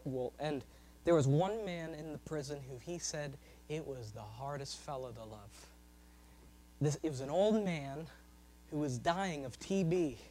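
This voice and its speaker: Guy preaching a sermon, bit high voice, goes loud then real quiet, faint hum behind. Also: poor audio. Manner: swings from loud, high-pitched emphasis to soft, low asides.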